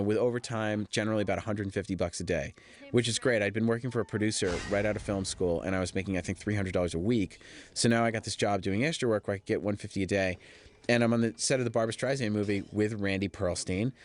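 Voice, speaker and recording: A young man, a film director, rambling candidly through a DVD commentary with frequent swearing. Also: lowish voice.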